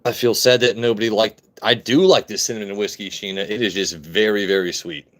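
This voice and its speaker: A man's voice: fairly low pitch, steady tone, a little fast, fairly bright tone. A man hosting a casual whiskey-tasting live stream, joking and greeting viewers in chat. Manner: jokey, chatty, reads and greets chat. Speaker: livestream host reviewing whiskey.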